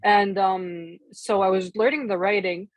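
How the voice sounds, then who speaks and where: A woman's voice: mid-range voice, fairly even intonation, a little slow, no echo. A woman student asking a question in an online class, hesitant and searching for words.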